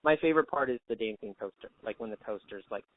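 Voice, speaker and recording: A man who teaches high school, co-hosting a podcast in a relaxed chat, laughing easily and hedging with fillers. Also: fast. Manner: easygoing, laughs often, many fillers. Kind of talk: casual chat. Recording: tinny phone-like sound, dry.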